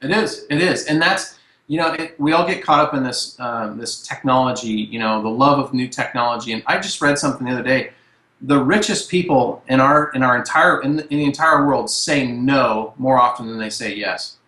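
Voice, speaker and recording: A man being interviewed as a guest, giving blunt, plain-spoken advice at a brisk pace. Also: medium pitch, pushed and bright, roomy sound, poor audio. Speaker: guest, marketing executive.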